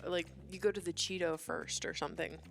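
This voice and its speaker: A woman's voice: lowish voice, steady tone, a little fast, creaky. A woman producer chatting casually and playfully on a podcast.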